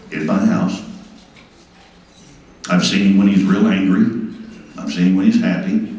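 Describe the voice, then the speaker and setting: A man giving a folksy, emphatic tribute speech full of stories. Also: fairly low pitch. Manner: emphatic, down-home storyteller. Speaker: speaker at a tribute event. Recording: echoey hall from far off.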